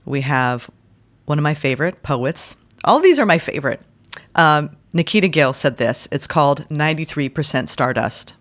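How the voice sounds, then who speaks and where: A woman giving a guided tarot and astrology reading in a gentle, soothing way, speaking in slow, deliberate phrases. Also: sits low, expressive. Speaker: tarot reader.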